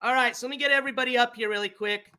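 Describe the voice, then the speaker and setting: A man hosts a casual live stream and brings guests up to the panel. His voice is very high and sharply bright, and he talks in an informal, apologetic way. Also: steady tone, rapid-fire, clean tone. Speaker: stream host.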